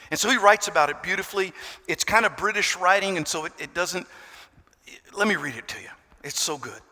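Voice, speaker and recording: A man in his sixties preaching a sermon as pastor, swinging between hushed and loud delivery. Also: high voice, very animated, brisk. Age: 60s. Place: church. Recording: reverberant church hall with music.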